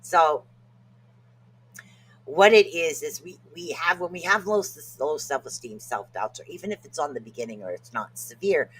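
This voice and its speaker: A podcast co-host talks casually about self-help with a bright, forward tone. They joke around and laugh at themselves when tricky words trip them up. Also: mid-range voice, expressive, normal speed, husky. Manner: jokey, laughs at own stumbles over words.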